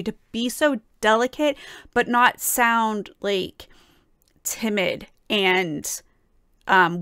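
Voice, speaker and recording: A woman's voice: mid-range voice, fairly bright tone, smooth, no room sound, clean studio sound. A young woman flute player reacting to a song, talking with enthusiasm and gushing praise, full of fillers and restarts. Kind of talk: casual reaction and analysis.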